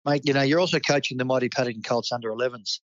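A man's voice: mid-range voice, very fast, fairly bright tone, no room sound, lo-fi sound. An Australian man hosting a local sports club roundup, enthusiastic and matey. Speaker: club host.

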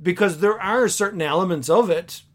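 Chatty man, fairly high voice. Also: moderate pace. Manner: animated, acts out quotes in silly voices. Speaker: podcast host. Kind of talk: casual chat.

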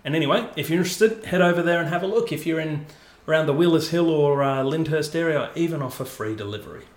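Man, podcast host, slightly high, chatty and self-deprecating, echoey room. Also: fast talker. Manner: chatty, self-mocking, rambling with fillers. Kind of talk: casual podcast chat.

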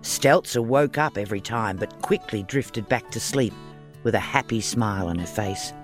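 A man narrating a children's audiobook story in an expressive, playful reading. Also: lowish voice, moderate pace, faint music behind.

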